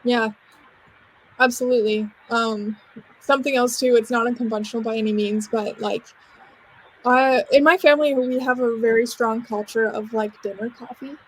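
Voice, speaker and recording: A woman's voice: on the high side, steady tone, moderate pace, breathy edge. A woman from Canada hosting a podcast, chatting casually with a guest, rambling and laughing often. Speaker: podcast host. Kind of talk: casual interview chat.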